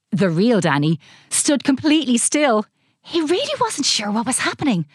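A woman reading a children's storybook aloud in an expressive, animated way. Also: high voice, no echo, clean studio sound.

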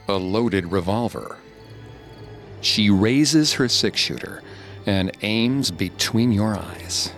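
A man, a podcast host, reading scripted horror narration in a slow, hushed, suspenseful way. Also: fairly low pitch, animated. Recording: studio narration over faint music.

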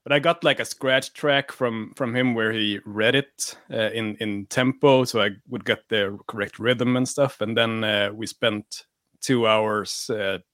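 A man's voice: on the low side, steady tone, a little slow, a bit bright, no echo, clean studio sound. A Swedish man with a Swedish accent, a singer being interviewed, wry and self-deprecating. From Sweden. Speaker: guest musician, singer. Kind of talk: casual interview chat.

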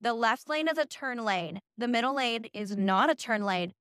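A woman's voice: a little high, animated, moderate pace, fairly bright tone, smooth, no echo. Chatty, sarcastic young woman, dry close mic. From Utah. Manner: chatty, sarcastic, heavy use of "like" and swearing. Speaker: vlogger. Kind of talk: casual chat.

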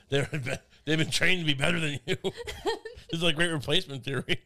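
A man's voice: a little high, huge pitch swings, moderate pace, gravelly, bright, forceful tone. A young man co-hosting a casual comedic podcast chat, rambling with stammered restarts and silly put-on voices. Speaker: podcast co-host.

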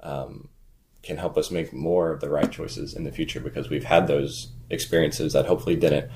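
A man's voice: extremely low pitch, steady tone, moderate pace, vocal fry, background noise. A teenage man co-hosting a podcast in casual chat, thoughtful, often restarting and searching for the right word. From Raleigh, North Carolina. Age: teens. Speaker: podcast co-host.

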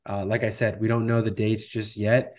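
A man's voice: lowish voice, little pitch movement, normal speed, darkish tone. A man hosting a fan podcast in casual sports chat, summing things up and passing the talk to his co-hosts. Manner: wraps up and hands over to co-hosts. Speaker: podcast host.

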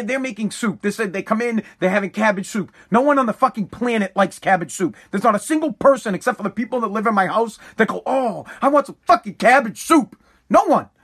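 A middle-aged man telling a profane, comedic rant about his family eating his food, animated and building to shouts. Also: high-pitched.

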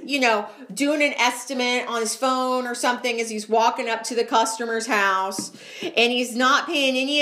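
A woman's voice: fairly high pitch, fairly bright tone. Woman telling a teasing story. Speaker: co-host. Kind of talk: casual chat.

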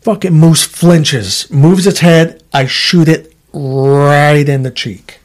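A middle-aged man, a former trooper, telling stories in a casual chat, animated and swearing, acting out what people said. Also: fairly high pitch, slow. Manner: animated storyteller, swears, acts out quotes.

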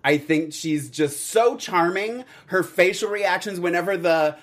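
A man with a slightly higher voice than most men hosts a relaxed podcast conversation. He talks in a chatty way, fills pauses with "um" and "yeah," and steers the discussion to his co-hosts. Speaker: podcast host. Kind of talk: casual podcast chat.

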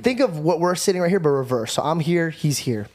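A young man hosting a podcast, telling a story in casual, animated chat, swearing freely and calling people "bro". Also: fairly high pitch, a little fast. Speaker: podcast host.

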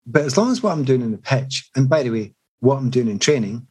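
A man's voice: mid-range voice, fairly quick, breathy edge, low-quality recording. A middle-aged man, a former footballer, telling reflective stories in an interview. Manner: reflective, animated anecdotes with restarts. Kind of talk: storytelling in an interview.

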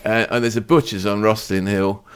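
A man's voice: a little fast, a little hiss or hum. A man, chatting casually and telling comic anecdotes with lots of laughter. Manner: animated anecdotes, jumps high for quoted voices, laughs often. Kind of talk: casual chat, comic storytelling.

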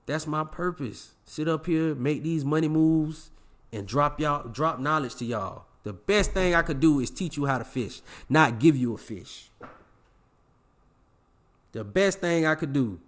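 A man in his forties hosts a motivational podcast in loose, slangy talk. He is emphatic and preachy, hammering points home by repeating them. His voice sits a touch higher than most men's. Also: a little slow. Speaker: podcast host.

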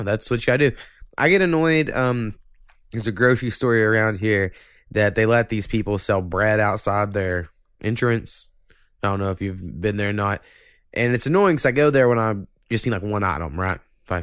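A man's voice: fairly low pitch, a little fast, clear, resonant tone, dry recording, studio quality. A man hosting a podcast, chatting casually and ranting with lots of swearing. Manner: profane, ranting, animated when annoyed. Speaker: podcast host.

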